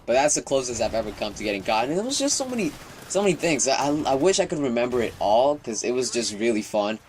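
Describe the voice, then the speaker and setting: A teenage boy talks straight to his viewers in an unscripted, rambling way. He swears freely, trips over his words, and laughs at himself as he goes. His voice sits at an ordinary pitch for a young man. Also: very animated, quick pace, darkish tone, slight background noise. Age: teens. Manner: rambling and profane, with laughs and restarts. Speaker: vlogger. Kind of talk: casual storytelling.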